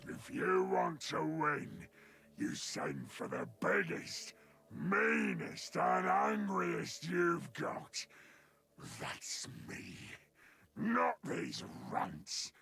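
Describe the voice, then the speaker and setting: An actor playing a huge, boastful, brutish male ogryn soldier in a game, with a gravelly growl and slow, menacing boasts. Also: high voice, huge pitch swings, bright, forceful tone, heavily acted.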